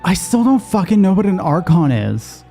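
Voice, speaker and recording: A man streaming a video game, reacting with excitable, profane commentary that jumps high when surprised. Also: normal speed, vocal fry, faint music behind.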